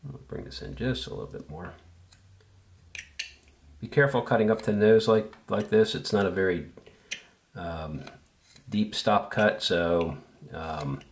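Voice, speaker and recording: A man with a very low voice walks through a hands-on tutorial in an unhurried, easygoing way, thinking aloud as he works. Faint clicks of tools sit behind him. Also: creaky, slight background noise. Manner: relaxed, easygoing, thinks aloud while working. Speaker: woodcarving instructor. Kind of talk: casual step-by-step tutorial.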